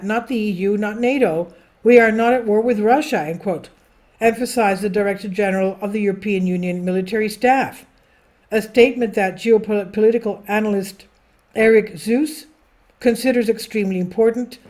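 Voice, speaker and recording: Brief: female host, mid-pitched, reads news commentary from a script, adds asides, trips on names. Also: darkish tone. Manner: stumbles over foreign names. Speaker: political commentary channel host. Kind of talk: read-aloud news commentary.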